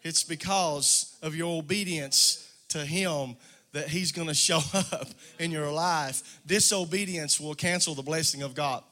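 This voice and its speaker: A man's voice: on the high side, measured pace, sharp tone. A man preaching a call-and-response sermon, calling on the congregation by name, with a sing-song rise in intensity. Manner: calls on congregation members by name. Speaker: pastor.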